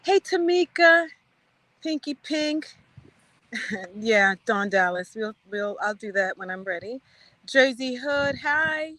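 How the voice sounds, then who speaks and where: A woman hosting a live stream talks to her viewers in a loose, chatty way, greeting them by name and laughing often. Her voice sits a little high and her speech is unhurried. The sound is dry and close, with no room echo. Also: lively intonation, pushed and bright. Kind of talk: casual chat greeting viewers.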